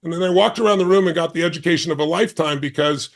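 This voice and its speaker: Guy in his 60s telling a story, intense and emphatic, kinda high voice. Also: rapid-fire, creaky. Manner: intense, emphatic storyteller who acts out quoted dialogue. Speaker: guest speaker. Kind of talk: storytelling in a podcast interview.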